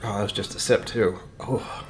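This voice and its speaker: A low-pitched man chats his way through a casual whiskey tasting on stream. He rambles, mutters to himself and often drops to a near-whisper. Soft music plays faintly behind him. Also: steady tone, moderate pace. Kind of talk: casual livestream chat.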